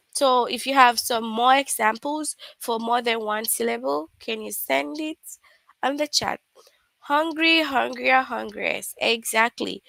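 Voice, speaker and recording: A woman teaching an online English class, patient and repeating examples slowly. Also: on the high side, vocal fry, fairly bright tone, no echo.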